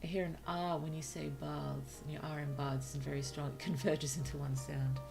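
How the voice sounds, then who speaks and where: Australian woman streamer, low, gravelly voice, chatty and laughing, faint music behind. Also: little pitch movement, moderate pace, a little mellow. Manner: musing, chatty, laughs often. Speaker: streamer and writer. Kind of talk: casual livestream chat.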